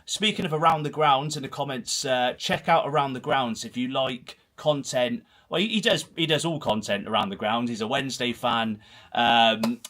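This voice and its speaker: A football livestream host in his thirties, from Herefordshire, England, talks at a moderate pace in a medium-pitched, fairly bright voice with a Herefordshire and Gloucestershire accent. Broadcasting solo from a small home room, he reads comments in a rambling, self-deprecating, casual way.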